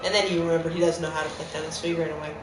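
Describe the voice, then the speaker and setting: A game streamer giving rambling, playful live-stream commentary with sudden squeaky outbursts. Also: level tone, rapid-fire. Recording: echoey room with background noise.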